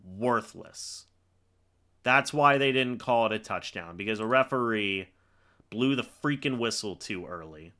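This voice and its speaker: A man streaming live reads each play aloud like a commentator, his lowish voice expressive, bright and pushed at a measured pace. He keeps venting angrily about the referees.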